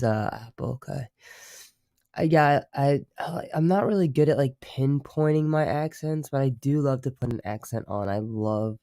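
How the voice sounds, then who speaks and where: A man chatting casually on a livestream, halting and rambling, swearing freely and trying out fake British and other accents. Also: medium pitch, mellow, no echo, studio quality. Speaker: streamer.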